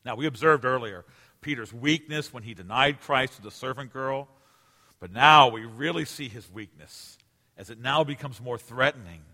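A man in his forties preaching a sermon as pastor, emphatic, swinging between loud declarations and hushed asides. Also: medium pitch, normal speed. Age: 40s. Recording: long reverb of a large hall.

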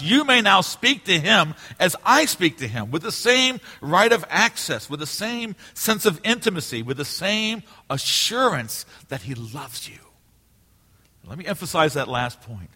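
A middle-aged male pastor preaching a sermon, earnest, moving between loud emphasis and hushed, quiet passages. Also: fairly high pitch, slightly rough. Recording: long reverb of a large hall.

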